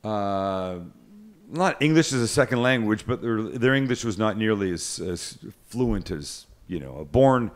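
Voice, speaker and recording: A man's voice: on the low side, expressive, a little slow. A middle-aged man hosting a cooking show, telling stories in casual chat. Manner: chatty storyteller, self-deprecating.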